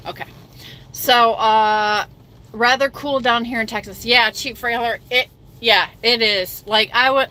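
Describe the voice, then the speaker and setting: A woman's voice: fairly high pitch, sharp tone, a little hiss or hum. A middle-aged woman trucker hosting a casual livestream chat, self-mocking and reading viewer comments aloud.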